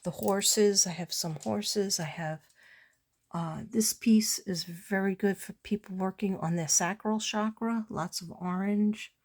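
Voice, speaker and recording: A woman artist showing her work in a casual late-night vlog chat, meandering with many pauses and fillers, sounding tired. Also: medium pitch, fairly even intonation, darkish tone.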